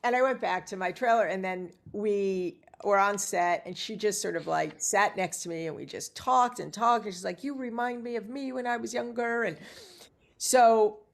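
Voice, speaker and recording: A middle-aged actress telling lively anecdotes as a guest, acting out the dialogue she quotes. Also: mid-range voice, normal speed, creaky. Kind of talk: casual interview storytelling.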